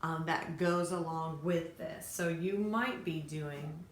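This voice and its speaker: A woman with a deep, slow voice teaches fiddle to her students, casually encouraging them while counting beats and calling out bow strokes. The recording sounds echoey, with faint background noise.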